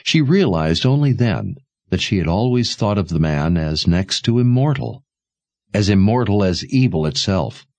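A man narrating a fantasy audiobook in a measured, expressive reading. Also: on the low side, dry recording.

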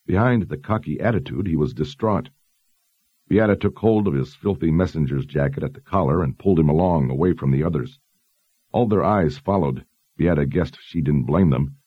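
A male narrator reading a fantasy story in a measured, even way. His voice is very deep and husky. The recording is dry and close, with a slightly dull sound. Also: no echo. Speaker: audiobook narrator.

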